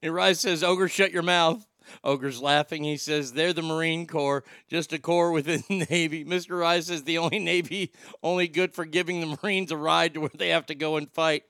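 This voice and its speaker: A man's voice: a little high, steady tone, moderate pace, pushed and bright, no room sound, studio quality. A man from Oklahoma hosting a livestream, reading out viewer comments with jokes and banter. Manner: bantering, joking, reads comments aloud. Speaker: livestream host.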